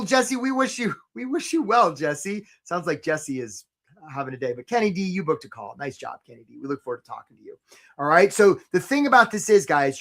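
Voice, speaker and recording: Man, live webinar host, career coach, casual and joking, energetic, calls out viewers by name. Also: high-pitched. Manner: energetic and joking, breaks into short mocking impressions of job seekers; gives shout-outs to viewers by name.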